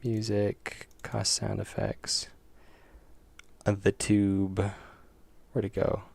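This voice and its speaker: A man streaming his indie game work, chatting casually and thinking aloud, with jokes and quick self-corrections. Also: lowish voice, sing-song, vocal fry, dry recording. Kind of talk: casual livestream chat while working.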